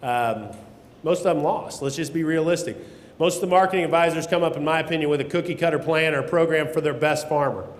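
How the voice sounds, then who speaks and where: A man's voice: a little high, quick pace. Blunt folksy man in an echoey hall. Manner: blunt, folksy, mild swearing. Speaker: keynote speaker on grain marketing. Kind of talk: conference talk. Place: conference hall. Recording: echoey hall, long reverb.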